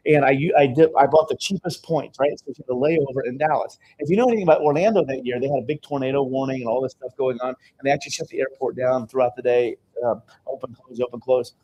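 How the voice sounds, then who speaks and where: A man's voice: mid-range voice, fast talker, dark tone, dull audio. A man speaking on stage at a live seminar, telling stories in a conversational way and often checking in with "okay?". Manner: conversational storytelling, frequent "okay?" check-ins. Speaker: seminar speaker and business coach. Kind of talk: live sales seminar talk.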